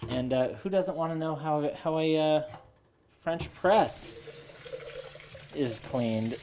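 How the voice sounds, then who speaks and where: A woman hosting a home cooking show, talking in a rambling, wry and self-deprecating way in her kitchen, a little nervous and halting. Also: low-pitched, dark tone, slight background noise. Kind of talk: rambling casual monologue while cooking. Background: running water and sizzling pan.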